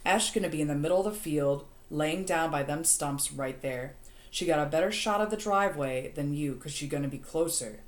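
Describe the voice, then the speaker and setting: A woman's voice: deep voice, moderate pace, lightly acted. A woman reading an audiobook, voicing a bossy teenage boy who gives urgent orders. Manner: commanding, urgent.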